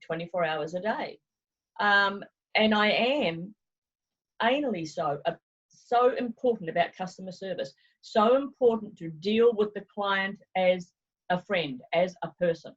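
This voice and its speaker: A woman's voice: mid-range voice, normal speed. Kiwi lady chatting on a video call, frank and laughy, bit muffled audio. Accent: New Zealand. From New Zealand. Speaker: travel agency owner. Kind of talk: remote interview, casual chat.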